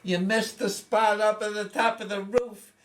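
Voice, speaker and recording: An older man voicing his angry mother, a harsh, accusing woman who scolds and shouts. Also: extremely high pitch, very animated, slow pace, background noise, voice pushed up, exaggerated voice. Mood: nagging.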